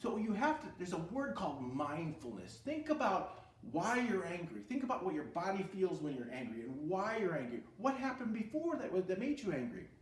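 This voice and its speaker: High, bouncy guy teaching kids feelings, asks and answers himself, roomy echo, sounds a bit far off. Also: normal speed. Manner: animated, asks questions and answers them himself, breaks into short sung lines. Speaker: music therapy teacher. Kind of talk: recorded e-learning lesson for children.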